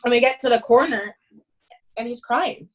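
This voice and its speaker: A woman who is a head swim coach, telling animated, emphatic stories in a podcast interview and often adding "you know" and "right.". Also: a little high, normal speed, poor audio.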